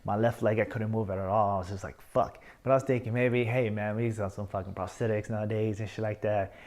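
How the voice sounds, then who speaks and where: A military veteran man giving candid personal testimony, blunt and profane, halting with frequent restarts. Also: on the low side, fairly even intonation, darkish tone. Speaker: military veteran telling his story.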